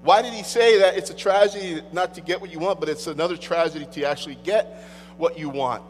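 Man, high voice, sermon, emphatic, wry, conversational, long hall echo, faint mains hum. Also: fairly quick.

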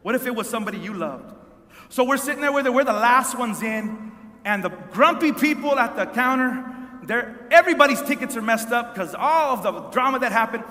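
High, bright-voiced man telling a story in a hall. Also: moderate pace. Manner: animated, repeats words, addresses the audience. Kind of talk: storytelling sermon. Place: large hall with an audience. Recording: reverberant hall.

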